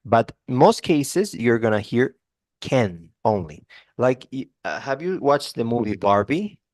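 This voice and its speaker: A man's voice: medium pitch, very animated, unhurried, darkish tone, no echo. A man giving a one-on-one English pronunciation lesson, explaining patiently and repeating example words, with frequent restarts. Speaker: English tutor.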